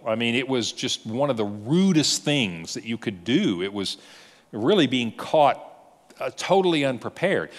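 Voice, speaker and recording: A male pastor giving a sermon, telling a story lively and acting out the characters' lines. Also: mid-range voice, in a large hall. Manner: animated storyteller, acts out dialogue. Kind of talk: sermon teaching.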